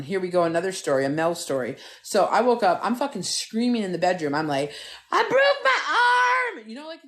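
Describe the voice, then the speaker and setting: A middle-aged woman hosting a live stream from a phone at home, chatting casually and telling stories with lots of swearing, talking straight to her viewers. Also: on the low side. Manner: animated, profane, talks straight to viewers. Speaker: TikTok live host.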